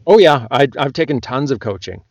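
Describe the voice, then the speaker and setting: A man from Canada, an audiobook narrator, chatting as a podcast guest in a lively storytelling way. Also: medium pitch, brisk, no room sound, lo-fi sound. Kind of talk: casual podcast chat.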